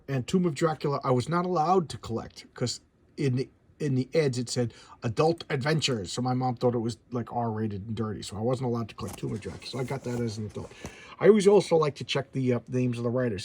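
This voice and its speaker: Husky middle-aged man, casual comic chat, enthusiastic, stammering restarts. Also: medium pitch. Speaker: comic collector host.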